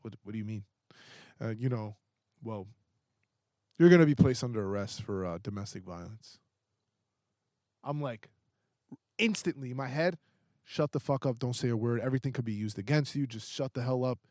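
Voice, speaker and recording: A young man, a podcast guest, telling a story in a casual, animated way, with heavy swearing and lots of fillers. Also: medium pitch, moderate pace, pauses often, dry recording, clean studio sound.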